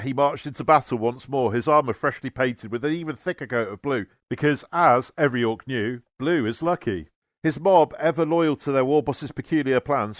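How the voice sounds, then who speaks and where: A man's voice: mid-range voice, no echo, clean studio sound. Wry man narrating a comic story. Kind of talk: humorous scripted narration.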